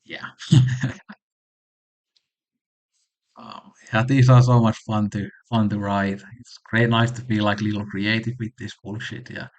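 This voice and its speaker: Enthusiastic low-voiced man vlogging. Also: flat delivery, measured pace, long pauses. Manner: enthusiastic, rambling, with frequent restarts. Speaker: channel host. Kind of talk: casual music recommendation vlog.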